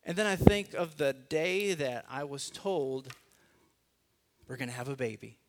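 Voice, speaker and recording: Man preaching, hushed on key phrases. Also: medium pitch, measured pace, heavy background noise. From Los Angeles. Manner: conversational and self-deprecating. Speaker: guest preacher. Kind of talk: sermon.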